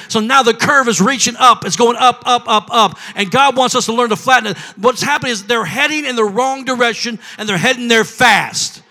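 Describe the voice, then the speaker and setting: A man preaching a sermon as pastor, calling out to his congregation and rising to shouts. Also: high voice.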